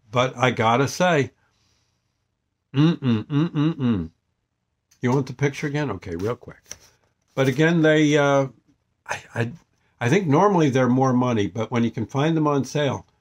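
Rambling folksy older man. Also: mid-range voice. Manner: rambling, folksy, halting with many restarts. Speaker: vlogger. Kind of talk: casual product review.

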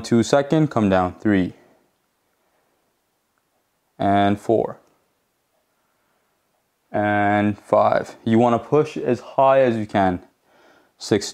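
A man's voice: on the low side, darkish tone. A man coaching a home workout, counting reps aloud and explaining the muscles plainly, now and then out of breath. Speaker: fitness coach.

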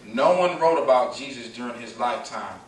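A man's voice: mid-range voice, animated, brisk. A man from Detroit giving a live lecture, calling questions out to his audience and playing up the back-and-forth with them. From Detroit, USA. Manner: preachy call-and-response, questions the crowd, playful. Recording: echoey room, distant mic, faint noise.

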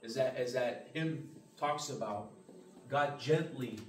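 A man's voice: mid-range voice, takes it slowly. A man teaching a church Bible class as pastor, earnest and emphatic, with frequent amens and restarts. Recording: roomy, distant mic, faint hiss.

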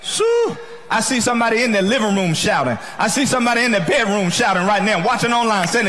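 A male pastor preaching an exuberant sermon, shouting and laughing with speech. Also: high-pitched, big pitch swings, quick pace, slight background noise. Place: church sanctuary.

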